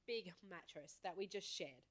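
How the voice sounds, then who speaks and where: A young woman, co-hosting a podcast in a playful, animated, storytelling chat. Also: on the low side, measured pace, dry recording. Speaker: podcast co-host. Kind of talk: casual chat.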